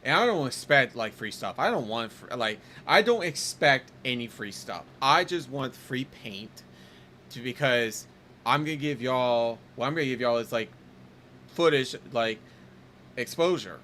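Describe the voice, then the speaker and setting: A man's voice: medium pitch, expressive, a little slow, sharp tone, a little hiss or hum. A man hosting a podcast, chatting casually in a loose, rambling way with many fillers. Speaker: podcast host.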